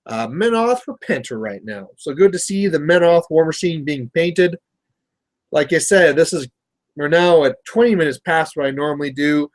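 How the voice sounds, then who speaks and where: Speaking at a normal pace in a voice on the high side, a Canadian miniature painter hosts a livestream. He's a chatty, rambling storyteller, talking casually with his viewers while he works.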